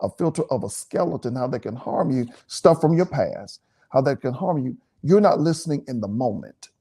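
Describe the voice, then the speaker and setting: Animated, preachy man co-hosting. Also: mid-range voice, moderate pace, breathy edge. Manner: repetitive, preachy, emphatic. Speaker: pastor and co-host. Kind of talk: relaxed teaching chat.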